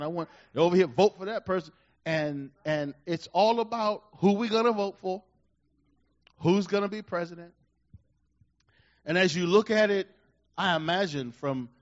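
A man preaching a sermon as pastor, swinging from low talk to shouted emphasis. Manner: animated preaching, rises to shouts, chuckles. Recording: dull lo-fi sound.

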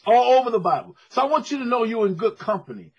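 A man's voice: very high-pitched, big pitch swings, fast, slightly rough, lo-fi sound. A man preaching a sermon to a congregation in a church, emphatic and conversational, calling for responses. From United States.

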